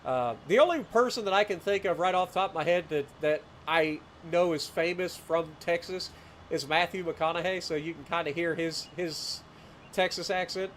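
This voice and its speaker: Casual streamer, rural Ohio man in his late thirties, slightly high voice, rambling and chuckling, faint noise behind. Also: moderate pace, fairly bright tone. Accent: rural southeastern Ohio. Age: late 30s. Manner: rambling storyteller, chuckles often, greets chat. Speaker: livestreamer. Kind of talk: casual gameplay livestream chat.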